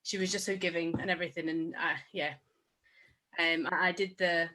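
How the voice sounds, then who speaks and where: A woman sharing a fond memory on a video call, chatty and quick to laugh. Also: fairly low pitch, level tone. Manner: chatty and warm, breaks into laughter. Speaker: church member sharing a memory.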